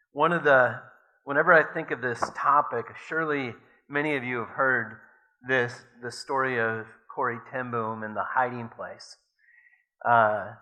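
Male pastor preaching; unhurried and earnest, bright tone, often hesitant. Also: mid-range voice, poor audio. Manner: slow, earnest, hesitant with fillers. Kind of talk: sermon with read-aloud story.

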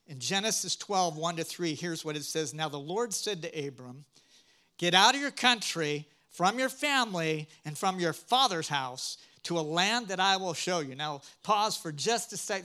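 A male pastor delivers a sermon in a bright, fairly high voice. He mixes humor with his teaching and keeps drawing in the congregation with questions.

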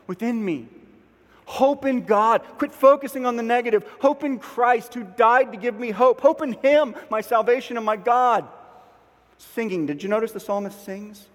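A man preaching a sermon, acting out both sides of an inner dialogue with lively swings between loud and hushed delivery. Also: fairly high pitch, big-room sound. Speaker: pastor.

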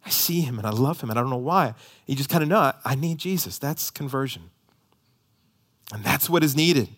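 A man in his thirties, a pastor preaching a sermon, swinging from loud emphasis to hushed near-whispers. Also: mid-range voice, expressive, fairly quick.

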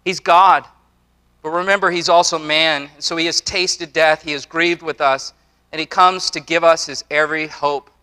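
A man's voice: a little high, fairly even intonation, moderate pace, sharp tone, clean tone. A man in his forties preaching a sermon to a church congregation, earnest, with repetitions and casual asides. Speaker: pastor.

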